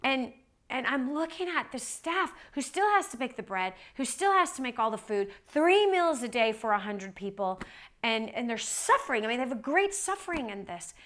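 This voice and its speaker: A woman telling a story in a lively, chatty way to an audience, often adding "like" and "right?" as she goes. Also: a little high, normal speed. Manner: animated, chatty, many "like" and "right?" asides. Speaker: motivational speaker. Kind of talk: storytelling talk.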